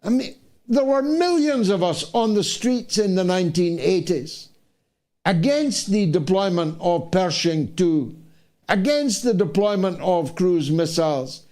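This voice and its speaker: A man's voice: high-pitched, expressive, unhurried, a little mellow. An older man from the United Kingdom hosting a talk show. He delivers an indignant monologue full of rhetorical questions. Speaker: host.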